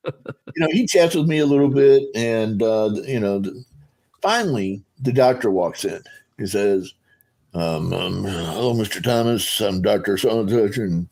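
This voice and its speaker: Middle-aged man, lowish voice, rambling animated storyteller with fillers. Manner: rambling, animated, acts out voices in his retelling. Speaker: panelist. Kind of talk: casual storytelling on a video call panel.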